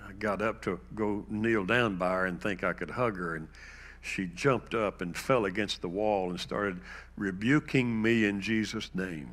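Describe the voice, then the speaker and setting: A middle-aged Texan pastor with a lowish voice shares a family story from the pulpit. He acts out the quoted lines, climbing high and loud when he voices the outbursts. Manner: personal story with reenacted dialogue, rising loud in quoted outbursts. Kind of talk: sermon storytelling.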